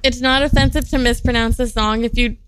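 A woman's voice: fairly high pitch, fairly even intonation, fairly quick, a bit bright, a little hiss or hum, rough recording. A woman co-hosting a casual show, talking in an easygoing, descriptive way. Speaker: podcast co-host. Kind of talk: casual chat.

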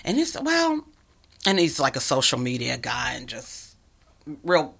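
A woman's voice: very deep voice, wildly swooping pitch, measured pace, gravelly, fairly bright tone. A woman telling a personal story in casual conversation, earnest and emphatic, sometimes dropping to a near whisper.

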